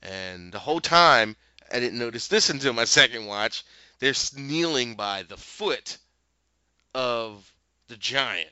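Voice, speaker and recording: A man's voice: medium pitch, expressive, measured pace, pushed and bright, clean tone, no room sound, lo-fi sound. A man hosting a podcast who casually recaps a TV episode, rambling with fillers and self-corrections and acting out the characters' lines. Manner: retells scenes, quoting characters' lines.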